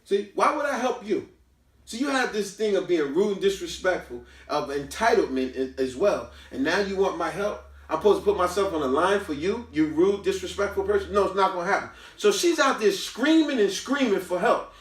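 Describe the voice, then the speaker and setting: A lively man spins a casual story in a high, swooping voice, stopping for emphatic lectures. He is recorded from a distance in an echoing room. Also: brisk. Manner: animated, emphatic, preachy asides. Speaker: book review host. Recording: roomy, from a distance.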